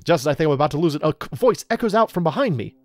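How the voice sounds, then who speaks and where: A man's voice: fairly high pitch, animated, racing, a little mellow, no echo. A man hosting a let's play, reading the game's story aloud with playful, laughing asides. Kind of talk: reading game text aloud with commentary.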